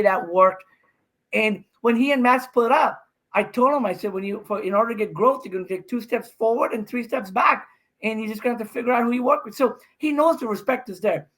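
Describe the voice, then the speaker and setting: Excitable podcast guest, male pro athlete, animated storyteller. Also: sits high. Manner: excitable, fast-talking, acts out quotes.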